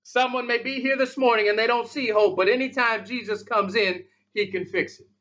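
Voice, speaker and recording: High, bright-voiced man preaching emphatically. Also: fairly even intonation, fairly quick, muffled recording. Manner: emphatic, repetitive preaching with big swings in loudness. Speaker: pastor. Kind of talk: sermon.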